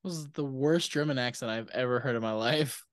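A man's voice: mid-range voice, brisk, dry recording. Young guy co-host, cusses a lot, teasing, laughs, dry close mic. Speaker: co-host, son. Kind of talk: casual chat.

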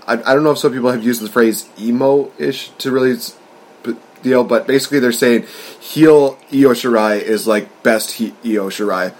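A man's voice: medium pitch, a little fast. A man co-hosting a casual wrestling podcast, rambling and laughing often as he talks. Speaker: podcast co-host.

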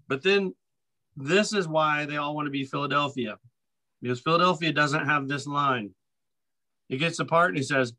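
Bright-voiced man teaching scripture. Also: a little high, moderate pace, low-quality recording. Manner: emphatic, repetitive, reads scripture aloud. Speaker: podcast co-host. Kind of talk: casual Bible teaching.

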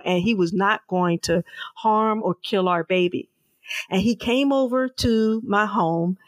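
A middle-aged woman, an author, earnestly recounting her family's past as an interview guest, slow and emphatic with repeated words. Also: medium pitch, no room sound. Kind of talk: personal storytelling in an interview.

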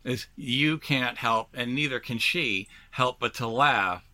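A man chatting casually on a film podcast, agreeable and quick to affirm. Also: mid-range voice, sharp tone, no room sound. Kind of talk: casual chat.

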